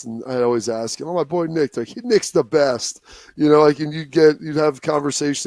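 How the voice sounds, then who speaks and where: A man in his forties, a former football player, remembering a late friend on a talk show, telling stories with quick quoted voices. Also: mid-range voice, creaky, no room sound. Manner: storytelling, animated, slips into quoted voices.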